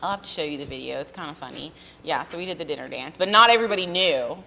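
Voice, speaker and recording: Woman, thirties, deep for a woman, casual chat, rambling storyteller, frequent laughter. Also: lively intonation, fast, vocal fry, pushed and bright. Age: 30s.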